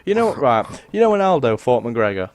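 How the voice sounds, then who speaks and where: A man's voice: medium pitch, big pitch swings, fairly quick. A young English man co-hosting a casual podcast, sarcastic and sweary, who tells stories about callers. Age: young adult. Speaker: podcast co-host. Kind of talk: casual chat.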